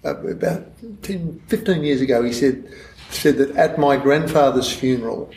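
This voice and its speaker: An Australian man, an author guest in an interview, telling stories in animated, digressive bursts. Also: mid-range voice, normal speed, slight background noise. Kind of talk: conversational storytelling interview. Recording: roomy echo in a room.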